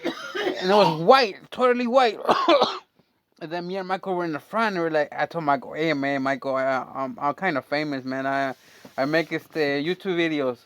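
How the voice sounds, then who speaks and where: A man's voice: fairly high pitch, moderate pace, fairly bright tone, smooth, dry recording. A man telling a long, rambling, profane story from his neighborhood in a casual chat, full of fillers. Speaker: storyteller and channel host.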